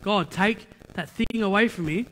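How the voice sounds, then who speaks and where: High, bright-voiced pastor preaching. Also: male voice, moderate pace. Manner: energetic, playful asides and repeated rhetorical questions. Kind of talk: sermon. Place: church hall. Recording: reverberant church hall.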